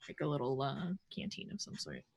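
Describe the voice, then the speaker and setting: A woman's voice: rumbling low, lively intonation, fairly quick, creaky, husky, dry recording. A woman playing a tabletop game, speaking hesitantly with stammers. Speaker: player. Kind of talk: casual tabletop play.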